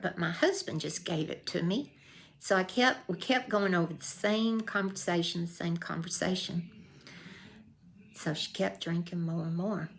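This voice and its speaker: An older woman vlogger tells a folksy true story in a casual way, acting out the voices of the people she quotes. Her voice is lowish with vocal fry.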